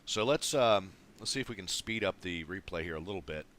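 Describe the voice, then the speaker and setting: A man's voice: deep voice, expressive, fairly quick, noisy background. A man casually commenting on a replay of his own game, laid-back and swearing freely. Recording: game sounds of gunfire and engines behind. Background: tank battle game sounds, artillery fire.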